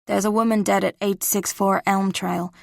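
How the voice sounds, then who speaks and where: A jittery caller putting on a teenage boy's voice with a Boston accent, stammering and apologetic, a little gravelly. A woman narrator plays this. Close, dry audiobook sound. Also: medium pitch, flat delivery, moderate pace, no room sound, close to an everyday voice. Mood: nervous. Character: woman faking a nervous teenage boy caller.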